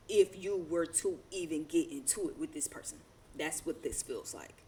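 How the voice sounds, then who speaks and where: A woman's voice: low voice, unhurried, darkish tone. A woman doing a casual tarot reading, talking in slangy, profane, rambling asides and laughing often. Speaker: tarot reader.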